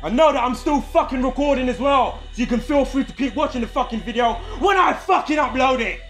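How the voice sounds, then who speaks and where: A man's voice: very high-pitched, fairly quick, fairly bright tone, faint music behind. A man, ranting angrily and profanely to camera in a vlog, heated and sarcastic. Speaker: vlogger. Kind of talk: angry ranting monologue to camera.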